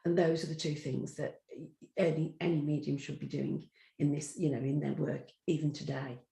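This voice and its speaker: A middle-aged woman from the English Midlands, a psychic medium appearing as an interview guest, speaks in a deep, gravelly, dark voice with a level tone and normal speed. Recorded with a roomy echo, she tells stories and acts out the voices in her anecdotes.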